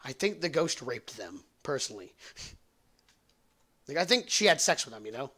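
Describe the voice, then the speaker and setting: His mid-range voice is very animated, pushed and bright, yet held to a moderate pace. The young man, a podcast host, tells a long, wandering, crude story and laughs at his own jokes in casual storytelling.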